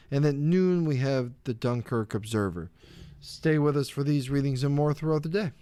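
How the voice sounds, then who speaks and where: A man reading scripted station announcements, measured and clear, slowing down for phone numbers. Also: fairly high pitch, darkish tone. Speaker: radio reading service announcer.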